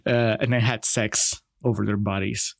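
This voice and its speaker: A man's voice: on the low side, little pitch movement, normal speed, gravelly, no room sound, clean studio sound. A man co-hosting a podcast, chatting casually about a film in an easygoing, laughing way. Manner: laughs often, easygoing, reads quotes aloud. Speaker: podcast co-host. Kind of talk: casual film-review chat.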